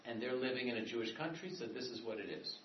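A man's voice: medium pitch, fast talker, slight background noise. A man giving a classroom lecture, talking in a discursive, conversational way with many asides and restarts. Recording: echoey room from a distance, dull and muffled.

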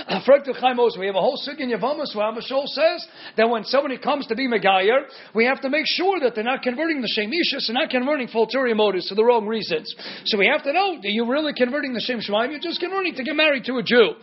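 A man with a very high voice delivers a Talmud lecture on a dull, lo-fi recording. He keeps posing rhetorical questions and answering them himself, dropping Hebrew and Aramaic terms into his English. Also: breathy edge. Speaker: Torah teacher.

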